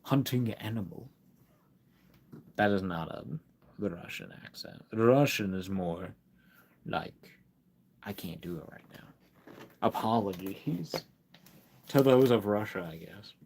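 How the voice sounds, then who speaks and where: A man's voice: low-pitched, takes it slowly, creaky, pauses often, a little mellow. A man hosting a casual live stream, reading a product card aloud and chatting with viewers, full of fillers and restarts. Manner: chats directly with viewers in chat.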